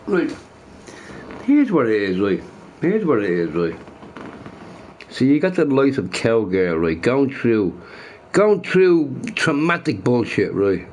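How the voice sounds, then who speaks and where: A man's voice: medium pitch, sing-song, takes it slowly, pauses often, darkish tone, slight background noise. A man ranting casually to his chat, repeating himself emphatically. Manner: emphatic, repeats phrases, says bro a lot.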